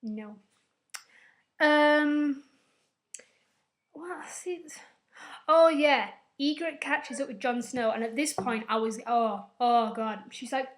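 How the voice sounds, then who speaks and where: Chatty woman with a high voice. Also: takes it slowly, long pauses. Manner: rambling, chatty, emotional, swears. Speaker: vlogger. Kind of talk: casual TV episode recap.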